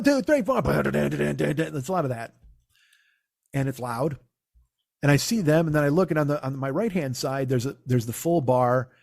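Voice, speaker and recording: A man of medium pitch and darkish tone, a comedian who hosts a podcast, meanders through a long conversational story. Frequent restarts break it up, and he quotes others with "I go, he goes."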